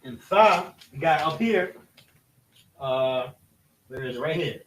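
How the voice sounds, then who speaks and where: A man teaching a class at a board, explaining slowly with halting restarts and repeated words. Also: a little high, animated, fairly bright tone, slight background noise. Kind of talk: classroom lesson at a whiteboard. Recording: echoey room, voice from far off the mic.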